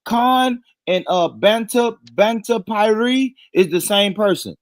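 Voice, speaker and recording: An American man co-hosting a livestream, loud and teasing, laughing often in casual banter. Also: sits high, animated, takes it slowly. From United States. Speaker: stream co-host.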